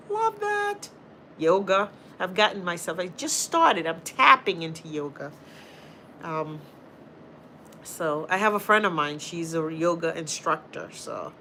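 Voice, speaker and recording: A woman's voice: fairly low pitch, pushed and bright, slight background noise. A woman from Boston with a Boston accent, a healthcare teacher hosting a casual livestream and chatting straight to her viewers while answering their comments. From Boston, Massachusetts.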